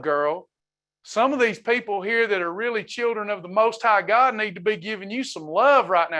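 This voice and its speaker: High-voiced guy preaching hard at an online wellness class, fervent and repetitive. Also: moderate pace, pushed and bright. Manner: fervent preaching, reading out member comments. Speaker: wellness ministry leader.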